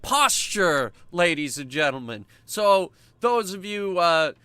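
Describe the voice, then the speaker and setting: A man's voice: sits high, very animated, slow pace, sharp tone, clean tone, dry recording. A man hosting a comedic movie-riffing stream, joking and theatrical in a mock lecture.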